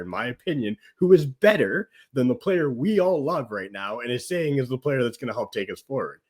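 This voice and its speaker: A man speaking as a guest on a casual football chat, animated and rambling, often saying "like" and laughing. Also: mid-range voice, quick pace, few pauses. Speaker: guest pundit.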